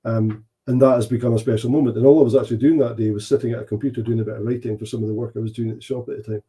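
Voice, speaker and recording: A man, a whisky adviser, chatting casually as a guest with many pauses and restarts. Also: medium pitch, steady tone, dark tone, rough recording. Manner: hesitant, many ums and restarts. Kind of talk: casual chat.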